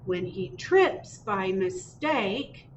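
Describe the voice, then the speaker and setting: A woman librarian reading picture books aloud at storytime, expressive, with chatty asides in a public library. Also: mid-range voice, extremely slow, lo-fi sound, slight background noise. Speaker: children's librarian. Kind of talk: picture book read-aloud.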